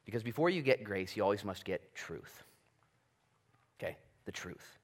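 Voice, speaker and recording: A man preaching a conversational Bible-study sermon as pastor, animated, moving between loud emphasis and quiet asides. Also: fairly low pitch, moderate pace, slightly rough. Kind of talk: expository sermon. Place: church sanctuary.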